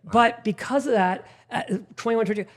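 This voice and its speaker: A middle-aged man hosting a talk show, telling personal stories in a lively, anecdotal way with lots of "like" fillers. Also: very high voice, normal speed. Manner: animated anecdotal storyteller with frequent "like". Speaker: podcast host. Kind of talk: casual interview storytelling.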